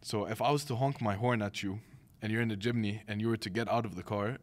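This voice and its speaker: A man's voice: fairly low pitch, steady tone, quick pace. A man hosting a casual interview, asking curious, easygoing questions. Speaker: podcast host.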